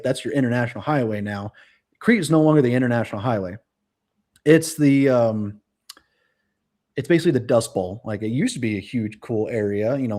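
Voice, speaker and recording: A man's voice: medium pitch, warm tone. A young man hosting a casual live stream, rambling with lots of fillers and self-corrections. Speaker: host.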